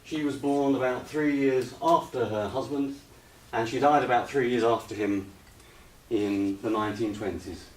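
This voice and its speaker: A man giving a slide presentation to an audience, hesitant with many ums, relaxed and gently humorous. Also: medium pitch, normal speed. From United Kingdom. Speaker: lecturer. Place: retreat lecture room with audience. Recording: roomy echo, distant mic, faint hiss.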